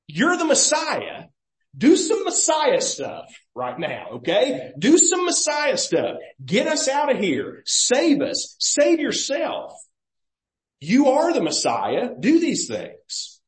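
A man's voice: extremely high pitch, huge pitch swings, slow, few pauses, pitched above the performer's own voice, heavily acted. A sneering, defiant male thief on a cross, as a preacher puts him on mid-sermon, taunting in a voice pushed well above the speaker's own. The line rings out in a roomy, echoing church.

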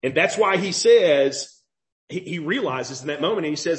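A middle-aged man preaching a sermon, his voice sitting a little higher than most men's. He talks to the congregation in a casual way and keeps checking in with "okay?" and "right?". When he quotes scripture he slows down and drops low. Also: expressive. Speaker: pastor.

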